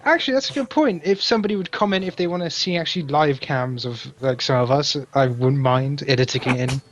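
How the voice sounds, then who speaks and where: A man's voice: fairly high pitch, fast, dull audio. A man narrating a tabletop game as game master, laid-back and laughing often.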